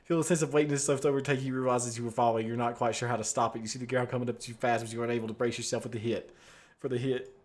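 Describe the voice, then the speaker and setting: A man's voice: mid-range voice, little pitch movement, very fast. Rambling young man reading a text adventure. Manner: rambling, filler-heavy, swears and laughs often. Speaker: streamer playing a text adventure. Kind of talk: reading game text aloud with casual commentary. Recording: faint background music.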